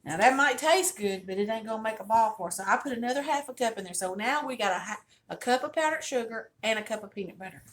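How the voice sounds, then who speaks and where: A woman's voice: on the high side, expressive, fast, few pauses, a bit bright. A middle-aged woman with a Southern US accent hosts a casual home cooking demonstration, talking in a folksy, chatty, storytelling way from her kitchen. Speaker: cooking channel host.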